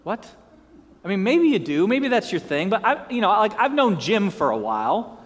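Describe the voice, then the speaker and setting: A male pastor delivers a sermon in a high voice that leaps up and down, breaking into playful asides and asking the congregation to repeat key words after him. His voice rings out with a long reverb from the hall. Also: normal speed. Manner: lively, joking asides and call-and-response prompts.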